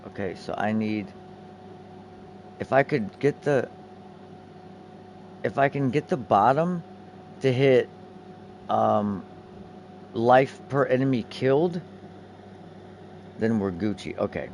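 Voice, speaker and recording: A man's voice: medium pitch, unhurried, pauses often, slight background noise. Brief: young male streamer, casual crafting chatter, swears a lot, keeps restarting his sentences. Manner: profane, excitable, many restarts. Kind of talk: casual game stream chat.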